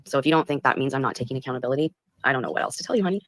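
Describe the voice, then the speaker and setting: A woman's voice: extremely low pitch, rapid-fire, no room sound. A woman livestreamer speaking defensively and close to tears. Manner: defensive, tearful. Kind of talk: live stream replayed.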